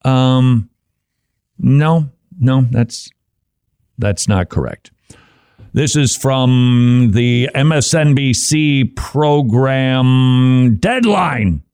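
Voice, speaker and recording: A man hosts a Christian talk show in a loose, conversational way, tossing in wry asides and little chuckles. His voice sits at an ordinary middle pitch. It is recorded dry and close, with no room sound. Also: animated, extremely slow, a little mellow, smooth, no room sound. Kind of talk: casual commentary.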